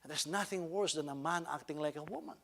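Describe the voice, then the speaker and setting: A man's voice: fairly high pitch, fast, gravelly, fairly bright tone, long reverb tail. A man with a Filipino accent, a pastor telling a personal story in a sermon and rising into emphatic exhortation. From Philippines.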